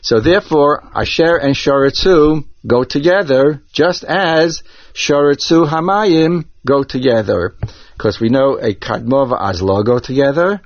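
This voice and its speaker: A man teaching Torah cantillation, explaining each accent mark slowly and methodically, step by step. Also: medium pitch, dry recording. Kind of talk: instructional explanation with chanted examples. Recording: dull lo-fi dry recording.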